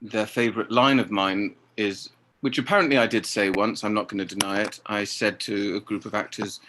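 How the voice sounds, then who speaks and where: A man's voice: fairly low pitch, fairly even intonation, a little fast, bright, forceful tone, slight background noise. A man, a theatre director speaking articulately in an interview. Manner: articulate, acts out voices in quotes. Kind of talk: interview conversation.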